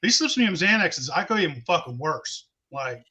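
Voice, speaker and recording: A man's voice: a little high, big pitch swings, normal speed, sharp tone. A man telling a rowdy, profane drinking story in casual chat. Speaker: show host telling a story.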